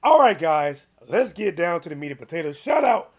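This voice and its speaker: A man hosting a casual solo sports commentary, chatty and animated with lots of restarts, his voice a little hoarse. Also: on the high side, brisk. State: slightly hoarse.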